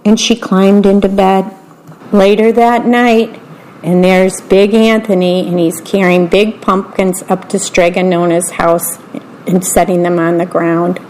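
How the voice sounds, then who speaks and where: A woman reading picture books aloud in a gentle, unhurried way, describing the pictures as she goes. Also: medium pitch, little pitch movement, poor audio. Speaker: storyteller.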